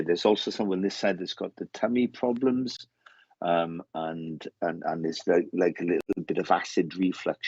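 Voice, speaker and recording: A man giving a mediumship reading, halting and repeating his words, calling the sitter mate. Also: sits low, a little mellow, husky, dry recording. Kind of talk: casual spoken reading. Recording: dull lo-fi sound.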